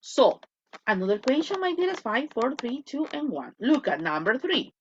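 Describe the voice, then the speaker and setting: Woman teacher on a video call, animated and higher-pitched, keeps checking "okay?", faint noise behind. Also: normal speed. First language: Spanish. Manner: switches between English and Spanish, repeats points, asks "okay?". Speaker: English teacher. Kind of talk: online class lecture. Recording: dull lo-fi audio.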